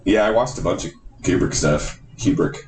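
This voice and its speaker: A man co-hosting a podcast in casual chat, rambling, animated and swearing freely. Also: deep voice, normal speed. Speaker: podcast co-host. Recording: echoey room, far from mic, noisy.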